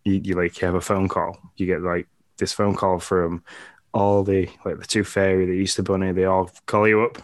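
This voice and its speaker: Low male voice, easygoing and self-mocking, dry close sound. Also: little pitch movement, normal speed, no room sound. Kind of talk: casual chat.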